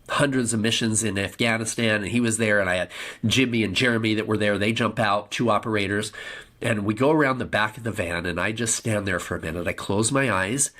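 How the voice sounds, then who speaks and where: A man's voice: fairly low pitch, fairly bright tone. A man who is a podcast guest, telling a vivid story and acting out the dialogue, often restarting his phrases. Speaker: podcast guest, film producer.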